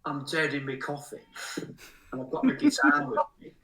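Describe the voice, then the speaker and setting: A man's voice: on the high side, very animated, moderate pace, vocal fry, bright, forceful tone, slight background noise. A man in his sixties, a musician guest, rambling through funny anecdotes and laughing at his own tales. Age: 60s. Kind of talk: casual anecdote telling. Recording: roomy sound from a distant mic.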